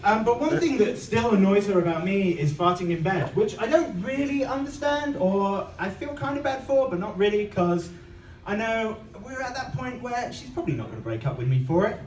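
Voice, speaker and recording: A man's voice: high-pitched, animated, normal speed, recorded from a distance, slight background noise. A man from England with an English accent doing a dry, self-deprecating stand-up comedy set on a club stage. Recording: echoey club from afar, audience laughter.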